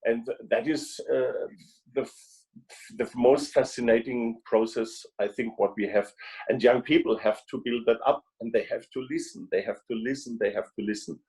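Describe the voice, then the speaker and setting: A man speaks over a video call microphone. He talks haltingly, repeating words and restarting his sentences as he goes. His voice sits at an ordinary pitch. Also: steady tone, a little mellow, poor audio. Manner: halting, frequent restarts and repetitions. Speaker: guest trumpeter.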